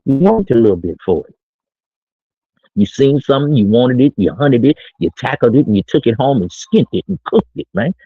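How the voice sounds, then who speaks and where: Over a tinny, phone-like line, a middle-aged streamer gives dating talk from his own small studio in a casual monologue of brash, boastful street slang. His mid-range, husky voice swings widely in pitch and moves a little fast. The recording is dry.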